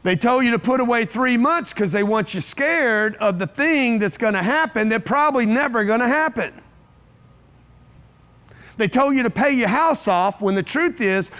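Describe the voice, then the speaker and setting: A man's voice: high voice, fairly bright tone. A man giving a live motivational seminar talk to an audience, blunt and profane, firing off repeated rhetorical questions. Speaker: motivational speaker. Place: event room with a live audience.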